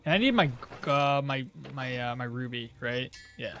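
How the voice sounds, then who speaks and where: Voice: medium pitch, animated, moderate pace, a bit bright. A gameplay streamer giving casual commentary, chatting with viewers, reading out chat and laughing at their own jokes.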